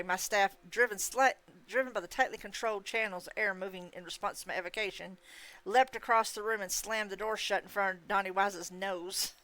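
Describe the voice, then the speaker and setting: A woman hosting a live reading of a novel, narrating in first person with expressive delivery. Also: medium pitch. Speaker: host reading a novel on livestream.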